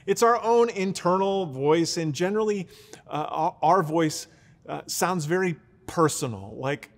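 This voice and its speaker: A man's voice: fairly high pitch, measured pace, long reverb tail. A man preaching a teaching sermon in an earnest, explaining way, often restarting his words. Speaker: pastor.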